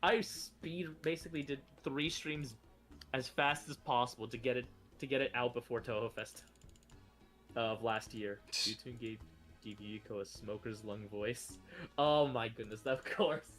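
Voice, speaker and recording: A man's voice: medium pitch, unhurried, fairly bright tone, soft background music. A man chatting casually as a streamer, rambling and correcting himself, with frequent laughs. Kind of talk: casual chat.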